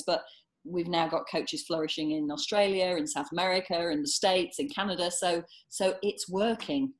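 A woman from Britain hosting a podcast interview, chatty and animated, often laughing as she talks. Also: on the low side. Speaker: podcast host.

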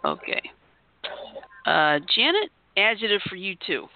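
A chatty podcast host runs a word game and calls on the players one by one. The voice is unhurried and gravelly, and its pitch rises and falls in wide swings. It comes through a thin, tinny, phone-like line. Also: huge pitch swings. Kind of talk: casual podcast game hosting.

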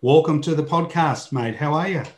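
A man hosting a podcast, greeting his guest warmly and asking questions. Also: a little high, moderate pace. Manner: friendly, brief affirmations. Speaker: podcast host. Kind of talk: podcast interview.

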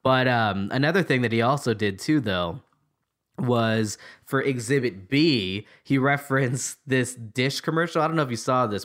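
A man hosting a film podcast in casual chat, excitable and loose, with mild swearing. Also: mid-range voice. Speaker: podcast host.

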